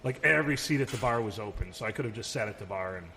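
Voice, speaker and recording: A man's voice: on the low side, animated, very fast, bright, forceful tone. A man co-hosting a podcast in casual chat, telling rambling stories and swearing freely. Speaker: podcast co-host. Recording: long reverb, faint room noise.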